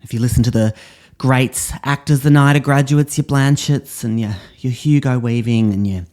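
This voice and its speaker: A man's voice: medium pitch, normal speed, darkish tone. A middle-aged man with an Australian accent, playing a drama teacher in a scripted comedy monologue, with a theatrical, pompous, affected delivery.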